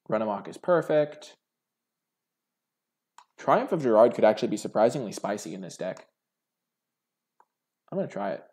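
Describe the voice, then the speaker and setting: A man's voice: fairly low pitch, creaky, darkish tone. A young man hosting a card game video, thinking aloud over his draft picks in a musing, hesitant way full of filler words.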